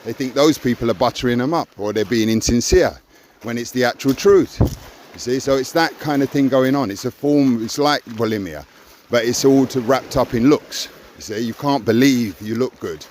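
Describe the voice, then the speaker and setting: A man's voice: medium pitch, moderate pace, darkish tone, a little hiss or hum. An older man talking earnestly in a raw personal conversation, stressing points with "you see". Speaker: podcast co-host.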